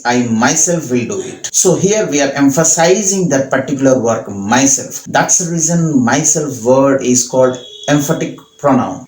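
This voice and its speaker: A man with an Indian English accent explains grammar in a slightly high voice. He talks slowly and repeats each example sentence. The room around him is echoey. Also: darkish tone. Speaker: English teacher. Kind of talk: grammar lesson.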